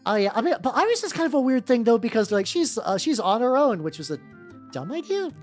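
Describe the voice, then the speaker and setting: A man's voice: very high-pitched, big pitch swings, fast. A man streaming casually while he paints miniatures. He rambles, swears freely and often restarts his sentences. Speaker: VTuber streamer. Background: faint background music.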